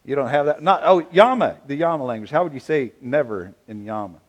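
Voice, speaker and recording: A man preaching a sermon, playful and animated, drawing answers from his congregation. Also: mid-range voice, a little fast, muffled recording. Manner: animated, playful, asks the audience questions. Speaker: pastor.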